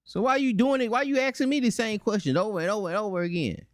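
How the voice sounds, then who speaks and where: A man hosting a reaction commentary, animated and mocking, breaking into voices to make his points. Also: sits high, fast, dry recording, clean studio sound. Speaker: channel host.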